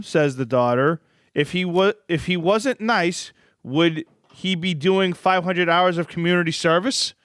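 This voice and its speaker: A man's voice: a little high, a little slow, fairly bright tone, clear, resonant tone, dry recording, studio quality. A man co-hosting a casual podcast, reading corny jokes aloud and laughing at them. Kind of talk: casual chat.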